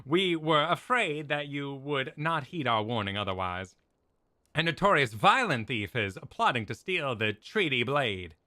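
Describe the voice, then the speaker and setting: An earnest, apologetic young woman, voiced by a man. He lifts his voice a little and keeps it bright and eager. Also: mid-range voice, animated, a little slow, no echo, studio quality, pitched above the performer's own voice.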